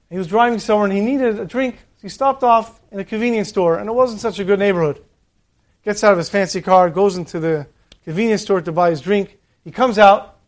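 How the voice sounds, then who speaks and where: High-voiced man telling a Torah story. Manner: animated storytelling, acts out the voices in the stories. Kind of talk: Torah talk with stories.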